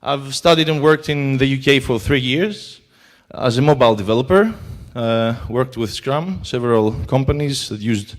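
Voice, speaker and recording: A man's voice: mid-range voice, normal speed, hardly any pauses. Greek-accented man giving a conference talk. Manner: hesitant, many fillers. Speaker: conference speaker. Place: conference hall.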